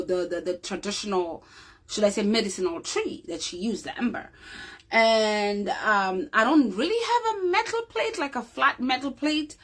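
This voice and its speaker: A woman's voice: fairly high pitch, a bit bright. A woman giving a casual, unscripted demonstration to her viewers, often stopping to check in with them. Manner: chatty and unscripted, with fillers. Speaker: presenter demonstrating a craft.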